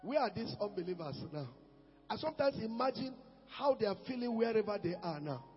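A man preaching a fervent sermon, shouting out lines, repeating phrases and reading scripture aloud. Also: high-pitched, big pitch swings, a little fast, in a large hall, dull audio, soft background music.

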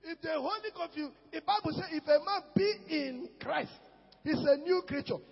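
A man preaching as a pastor, swinging between shouts and low murmurs. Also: moderate pace. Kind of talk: sermon. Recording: echoey hall with dull sound and music.

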